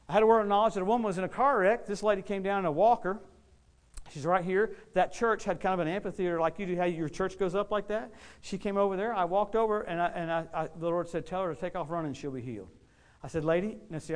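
A middle-aged American man preaches at a rapid clip, his voice sitting a little high for a man. He tells stories with big dynamic swings, bursting out loud and then dropping to near a whisper. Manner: animated, dramatic swings between loud and hushed. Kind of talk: sermon storytelling.

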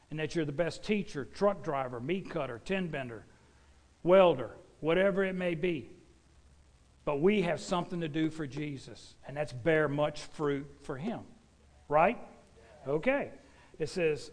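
An older man preaching a sermon in a folksy, animated way, talking straight to the congregation. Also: fairly high pitch. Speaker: pastor.

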